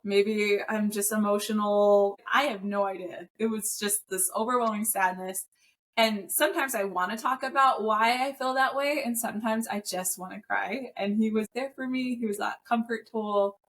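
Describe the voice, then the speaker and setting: A woman's voice: mid-range voice, steady tone, normal speed. A woman co-hosting a podcast, speaking openly and candidly as she tells a personal story. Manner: open and candid, telling personal stories. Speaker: podcast co-host.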